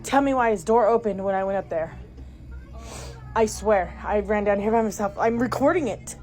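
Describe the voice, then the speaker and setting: A woman's voice: medium pitch, normal speed, darkish tone, faint music behind. Frightened woman whispering into a phone. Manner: panicky, breathless, often whispering. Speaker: homeowner filming at home. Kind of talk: frightened phone video narration. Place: inside a house. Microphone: phone camera.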